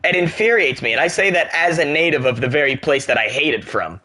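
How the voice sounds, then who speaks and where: Bright-voiced American man chatting while gaming. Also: on the high side, expressive, fast talker. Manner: joking, reacts out loud, chats with viewers. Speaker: streamer. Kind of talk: casual chat while gaming.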